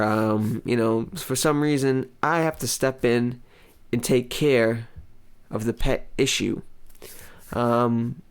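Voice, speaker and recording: A man hosting a comedy show, telling a rambling personal story with many pauses and mock-dramatic outbursts. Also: mid-range voice, clear, resonant tone. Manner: hesitant, full of ums, mock-dramatic outbursts. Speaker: comedy podcast host. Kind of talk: rambling comic monologue.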